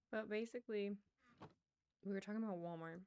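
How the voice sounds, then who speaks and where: A woman streaming and chatting as she plays, her talk loose and rambling. Her voice carries a steady gravelly fry at a middle pitch. She speaks into wired earbuds, with a faint hiss underneath. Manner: rambling, chatty storytelling with frequent laughs. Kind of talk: casual chat while gaming. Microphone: wired earbuds with a headset mic.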